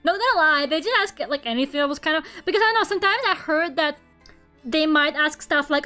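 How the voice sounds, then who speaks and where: Young streamer woman, Russian accent, high voice, rambling chat over faint music. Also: animated, quick pace, pushed and bright. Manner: rambling, laughs often, lots of fillers. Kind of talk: casual chat while drawing on stream.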